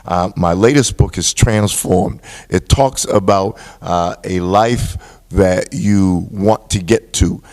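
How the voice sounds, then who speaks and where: A man who is a pastor, a guest in an interview, speaking in measured phrases with frequent pauses. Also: deep voice, a little mellow. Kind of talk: interview conversation.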